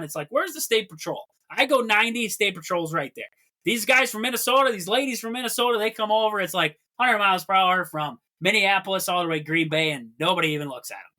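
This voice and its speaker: A man's voice: high voice, pushed and bright. A man hosting a solo sports podcast, chatty and jokey, with rambling asides. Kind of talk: casual solo sports talk.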